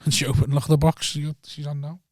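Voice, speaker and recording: A man's voice: a little high, completely flat delivery, fast, no room sound, clean studio sound. A man hosting a podcast, cheeky and sweary, often breaking into laughs. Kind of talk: casual chat.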